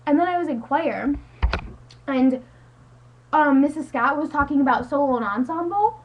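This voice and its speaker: Ranting at her home webcam, a teenage high school student sounds exasperated and rambles, saying "like" constantly. Her voice is high and animated at a moderate pace, but the audio is dull with a bit of background noise.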